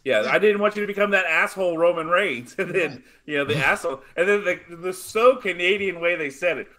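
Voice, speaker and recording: A man recaps a wrestling show in casual podcast chat. His voice is notably high and very bright. He is animated and mimics what others said as he tells it. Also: fairly quick. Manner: animated, acts out quotes, laughs easily.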